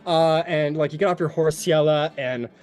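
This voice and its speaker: A man's voice: a little high, moderate pace, darkish tone, soft background music. A man narrating a tabletop game as its game master, talking in a casual, chatty way full of fillers.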